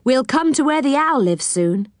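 A woman's voice: high-pitched, expressive, normal speed, no echo, studio quality, voice pushed up. A woman voicing a cheerful, friendly young girl in a children's storybook, describing things with enthusiasm. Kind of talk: storybook reading.

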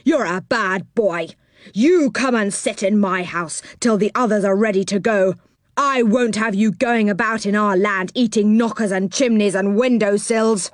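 A woman's voice: mid-range voice, a little slow, no echo, clean studio sound, lightly acted. A woman voicing an angry little man in a storybook, scolding and indignant. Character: angry little man, peppermint knocker owner.

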